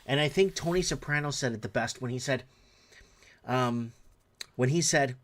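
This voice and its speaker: A man's voice: mid-range voice, normal speed, long pauses, fairly bright tone. A middle-aged man hosting a livestream show, talking casually in a rambling, blunt way and swearing freely.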